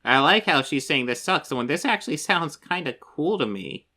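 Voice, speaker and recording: Young guy doing reaction commentary, bright sharp voice, sarcastic and fed up. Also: on the high side, sing-song, moderate pace. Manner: exasperated, sarcastic, swears casually. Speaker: commentary host.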